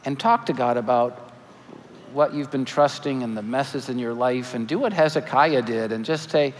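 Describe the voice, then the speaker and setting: A man in his forties preaching a sermon as pastor, animated with joking asides and earnest appeals. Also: mid-range voice, moderate pace, slight background noise. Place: church sanctuary. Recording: church hall reverb, faint ambience.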